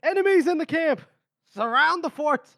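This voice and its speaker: A man voicing a blustering, drunk military general who shouts orders at his men. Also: high voice, lively intonation, brisk, dry recording, studio quality. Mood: barking orders. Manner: shouted commands.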